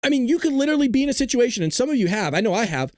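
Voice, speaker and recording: A male livestream host rants and jokes, swearing freely as he reacts to the chat. His pitch swings widely and animatedly. The recording is dry, with the mic close. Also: very animated, racing, dry recording. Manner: loud, ranting, profane, jokey. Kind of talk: profane live-stream rant and chat.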